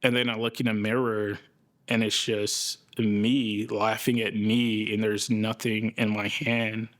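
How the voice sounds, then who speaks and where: A man speaks in a documentary interview, slow and halting, often pausing to find the right word. His voice sits low and his pace is unhurried. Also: level tone, a bit bright. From United States. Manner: slow, halting, searching for words. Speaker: interviewee recounting a psychosis episode.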